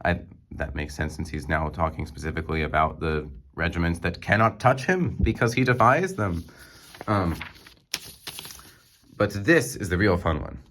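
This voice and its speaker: A man's voice: low voice, normal speed, a bit bright. A young man, a music student, giving a class presentation on a song, hesitant and full of ums and restarts, recorded on a phone. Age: young adult.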